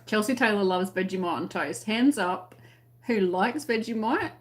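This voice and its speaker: Expressive and speaking at normal speed, this medium-pitched Australian woman hosts a crochet channel's live stream. She keeps up a friendly, casual chat, reading viewer comments aloud and laughing frequently.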